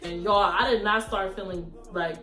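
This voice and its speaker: A young woman hosting a vlog, telling her story in a relaxed, laid-back casual chat. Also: medium pitch, moderate pace. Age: young adult. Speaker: vlog host. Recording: roomy echo, faint music.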